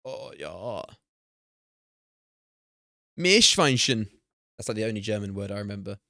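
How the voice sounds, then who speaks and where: A man in his twenties streaming casually, excitable, swearing and chatting to his viewers. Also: fairly low pitch, fast, vocal fry, no echo, studio quality. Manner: excitable, swears and laughs often, talks to chat. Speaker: streamer hosting a watch party. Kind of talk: casual live-stream chat while playing a guessing game.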